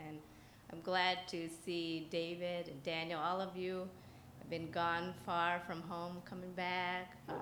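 A woman tells a story during a children's sermon, chatty and quick to laugh, often asking her listeners questions. Her voice echoes through a church hall with a faint hum of ambience behind it. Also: on the low side. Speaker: speaker giving a children's message at church.

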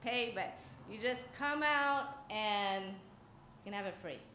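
A woman voicing a creepy man who lures children with free sweets in a wheedling, sing-song pitch. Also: takes it slowly, pushed and bright, roomy sound, slight background noise. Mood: luring. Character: creepy male candy seller luring children.

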